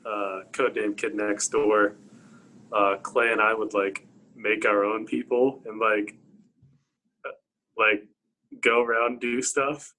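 A man's voice: fairly low pitch, flat delivery, takes it slowly, long pauses, pushed and bright, slight background noise, low-quality recording. A young man in casual group chat, laid-back and a little hesitant.

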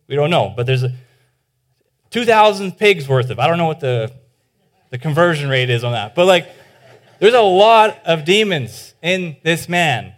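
A pastor delivers a sermon in an informal, animated style, often saying "like," restarting sentences, and acting out the voices of characters in his stories. His voice is on the high side, at a normal speed.

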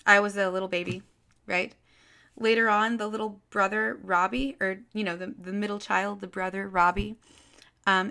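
A woman's voice: medium pitch, vocal fry, sharp tone. A woman giving a casual, rambling movie review, full of restarts and fillers and openly emotional about the scenes.

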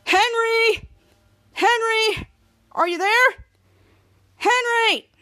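A woman's voice: very high-pitched, animated, unhurried, no echo, studio quality, pitched above the performer's own voice, full character voice. A woman doing a frantic teen boy sidekick. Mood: frantic yelling. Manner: yelling, panicky.

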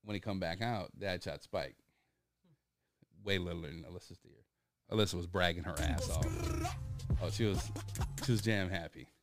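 Animated man telling a story. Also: moderate pace, pauses often, music in the background. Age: 30s. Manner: animated storyteller, acts out quotes with big pitch jumps, laughs often. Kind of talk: casual storytelling chat.

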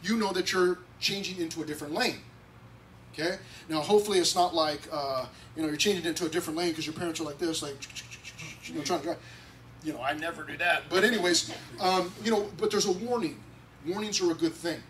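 High-voiced pastor preaching from a distance. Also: male voice, fast, fairly bright tone. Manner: conversational, acts out quoted voices. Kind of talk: sermon. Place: church. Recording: distant mic with faint noise.

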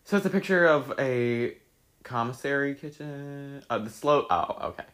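A man's voice: medium pitch, moderate pace. A young man chatting casually as he reads out his old social media posts, laughing and swearing at them. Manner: laughing, swearing, excitable reactions. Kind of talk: casual chat.

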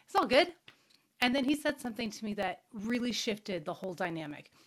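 A woman's voice: medium pitch, animated, fast, a bit bright. Frank middle-aged woman hosting a spirituality show. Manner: candid and frank, swears casually, asks the audience questions. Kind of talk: casual motivational storytelling.

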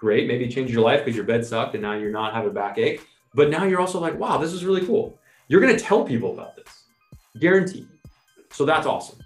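A man co-hosts a podcast in a casual, animated way, building his case with lots of "right?". His voice sits in the middle range and rings in a roomy space. Faint music plays underneath. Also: medium pitch, fast talker. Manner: animated, persuasive, often adds "right?". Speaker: podcast co-host. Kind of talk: casual conversational explaining.

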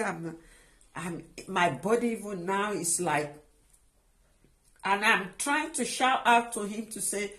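A middle-aged woman giving an emotional personal testimony, halting and restarting often as she speaks. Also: mid-range voice, a bit bright. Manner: halting and emotional, with many restarts and trailing phrases. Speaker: guest sharing a personal testimony.

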